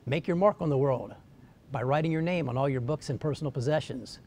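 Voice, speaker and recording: A man delivering a scripted weekly news commentary with wry, deadpan humor. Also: mid-range voice, fairly quick, a little hiss or hum. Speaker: columnist giving weekly commentary.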